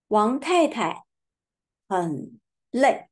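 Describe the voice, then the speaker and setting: A woman with a Taiwanese accent, whose first language is Mandarin, teaching Mandarin tones in English and drilling words slowly and deliberately. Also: medium pitch, expressive, darkish tone. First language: Mandarin Chinese. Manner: slow and deliberate, repeating words for practice. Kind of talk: slow tone-drill lesson.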